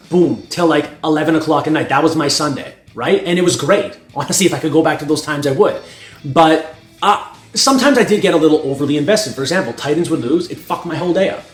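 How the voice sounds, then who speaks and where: A young North American man, a strength coach, giving a blunt, profane opinion monologue and laughing at his own points. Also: on the high side. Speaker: strength coach and channel host. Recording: echoey room with faint music.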